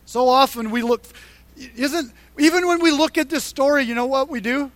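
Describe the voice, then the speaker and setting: Very high-voiced man preaching. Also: moderate pace, no echo. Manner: animated Bible storytelling with acted-out quotes; emphatic, repeats points for stress. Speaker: pastor. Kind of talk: sermon.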